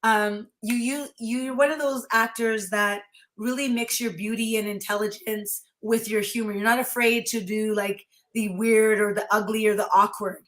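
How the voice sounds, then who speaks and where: A woman's voice: fairly high pitch, fairly even intonation, moderate pace, fairly bright tone. A woman hosting a casual interview, playful and teasing, laughing along with her guest. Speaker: host.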